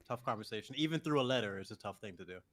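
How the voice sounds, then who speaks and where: A man's voice: fairly low pitch, expressive, fast, no echo. A man discussing a TV show on a podcast, stammering through restarts and swearing. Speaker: podcast guest. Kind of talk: casual show breakdown chat.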